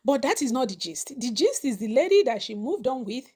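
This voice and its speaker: A woman's voice: high-pitched, sing-song, a little fast, mellow, breathy edge. A woman hosting a celebrity gossip show, chatty with conversational asides.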